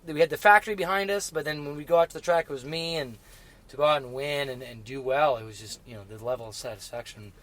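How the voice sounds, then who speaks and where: A middle-aged man telling racing stories in casual conversation, halting and full of restarts, growing emotional as he remembers. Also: fairly high pitch, a bit bright. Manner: halting, many restarts and fillers, emotional when recalling. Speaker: guest. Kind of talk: casual interview chat.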